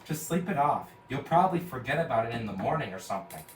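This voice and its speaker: A man's voice: mid-range voice, very animated, fast, far from the mic, a little hiss or hum, lightly acted. A man voicing a laid-back young male blue jay from a cartoon, casual and exasperated, in an echoey room away from the mic. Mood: impatient. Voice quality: exasperated, casual "dude" talk.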